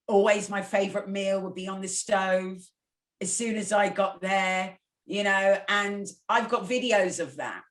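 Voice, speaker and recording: A woman's voice: medium pitch, measured pace. A woman guest speaking candidly and reflectively in a casual podcast conversation. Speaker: guest presenter. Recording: echoey room.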